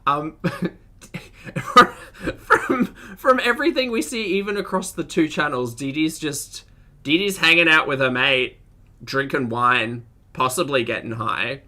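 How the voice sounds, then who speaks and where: A man's voice: medium pitch, measured pace, bright, forceful tone. A man doing live-stream reaction commentary, chatty, laughing often and greeting viewers in chat.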